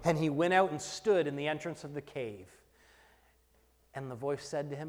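A man preaching a sermon as pastor, moving between hushed whispers and loud shouted refrains. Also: fairly high pitch, moderate pace, long pauses. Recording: long hall reverb.

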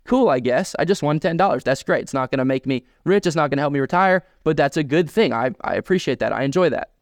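A man's voice: a little high, expressive, quick pace, dry recording, clean studio sound. A man doing a shrugging cartoon stick man. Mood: shrugging, pleased. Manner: offhand, mildly pleased.

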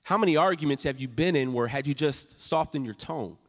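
A man preaching a sermon as pastor, swinging from loud emphatic lines to soft, hushed storytelling. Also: a little high, a little fast, long reverb tail. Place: church sanctuary.

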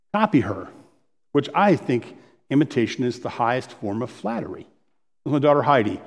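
A man's voice: mid-range voice, a little mellow. Chatty male pastor in a reverberant hall. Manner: conversational, with asides and self-deprecating humor. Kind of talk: sermon.

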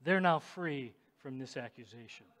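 A man voicing a calm male advocate who speaks up for the accused in court, with measured, reassuring words. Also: medium pitch, big-room sound, voice pushed down, close to an everyday voice.

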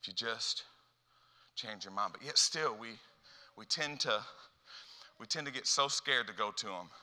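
A man's voice: mid-range voice, expressive, a little slow, pushed and bright. A man preaching a sermon as a pastor, telling stories and acting out dialogue with lots of repeated phrases. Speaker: youth pastor. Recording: long hall reverb.

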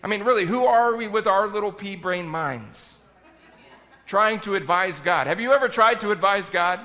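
A man preaching a sermon as pastor, talking in a conversational way that swings between loud and quiet. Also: high-pitched, moderate pace, long reverb tail.

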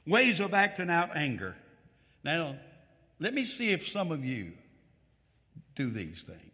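A man preaching a sermon, reading scripture with emphatic stress and putting questions straight to his congregation. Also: mid-range voice. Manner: animated, reads scripture aloud with emphatic stress; asks the congregation questions directly. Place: church. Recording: long hall reverb.

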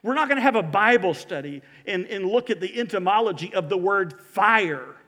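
High-voiced, emphatic male preacher. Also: normal speed, long reverb tail. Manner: animated storytelling, emphatic. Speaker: pastor. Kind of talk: sermon. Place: church building.

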